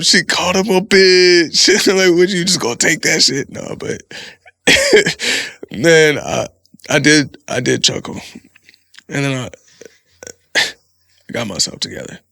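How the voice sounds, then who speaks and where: A man's voice: on the high side, vocal fry, pushed and bright, no echo, clean studio sound. A man hosting a podcast, talking in a casual, rambling monologue full of profanity. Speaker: podcast host.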